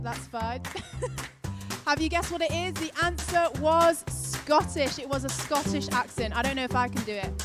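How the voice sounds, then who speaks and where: High-voiced, chatty woman hosting kids. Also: normal speed, loud music behind the voice. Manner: chatty, upbeat, a little scattered. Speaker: children's church host. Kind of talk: livestreamed children's session.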